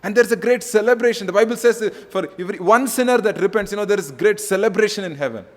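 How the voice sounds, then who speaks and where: A man from India preaching a sermon as pastor, earnest and repetitive, swinging between soft and emphatic delivery. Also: high-pitched, fast, long reverb tail.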